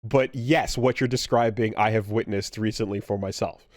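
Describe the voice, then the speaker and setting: A man's voice: lowish voice, steady tone, moderate pace, no room sound. A man co-hosting a podcast, chatting casually and giving dry, wry reactions. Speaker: podcast co-host. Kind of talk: casual chat.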